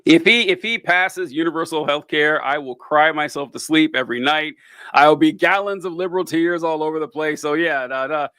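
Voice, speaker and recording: Casting: male podcast co-host, higher voice, dry close sound, incredulous. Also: moderate pace, sharp tone, clean tone, dry recording. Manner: incredulous, laughing often. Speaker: political commentator. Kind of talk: casual political chat.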